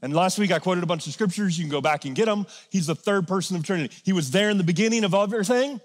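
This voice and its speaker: A man with a notably high speaking voice delivers a sermon in a lively, conversational way, dropping to quiet asides and then surging into emphatic, shouted lines. The sound carries a long reverb from a large church sanctuary. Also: very fast. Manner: energetic, conversational preaching with sudden loud peaks. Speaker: pastor.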